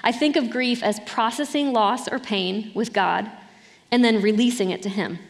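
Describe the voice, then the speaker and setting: A woman preaches a sermon conversationally, often checking in with her listeners and asking "right?" Her voice is fairly high and creaky, at a moderate pace, and the recording carries hall reverb.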